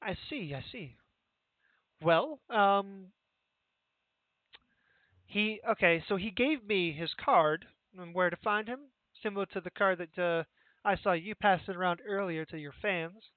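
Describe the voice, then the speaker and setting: High-voiced man on a tinny line. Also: a little slow, pauses often, dry recording. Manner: relaxed, rambling with fillers. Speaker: game master. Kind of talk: narrating a tabletop game. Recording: tinny dry phone-like line.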